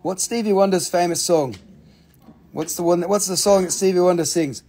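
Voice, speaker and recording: A man hosting a live gemstone sale, excitable and cursing freely, breaking into snatches of song. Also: high-pitched, a little fast, slightly rough. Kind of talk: live shopping stream. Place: home shop.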